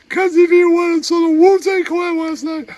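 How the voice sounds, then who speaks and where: A man voicing a goofy, crude puppet man who giggles and keeps shouting a catchphrase in a puppet comedy bit. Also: very high voice, fairly even intonation, a little slow, voice pushed up. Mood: giddy.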